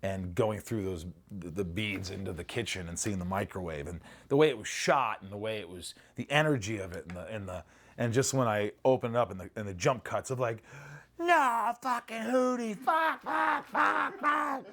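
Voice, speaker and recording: A man's voice: lowish voice, fairly quick. A middle-aged man, an actor in a casual interview, telling stories animatedly, swearing freely and acting out lines.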